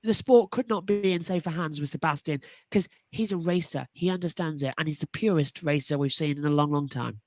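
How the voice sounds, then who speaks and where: A woman's voice: sits low, a little fast, few pauses, darkish tone, no room sound. A woman on a motorsport panel talking enthusiastically and animatedly, often restarting her sentences. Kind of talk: casual panel discussion.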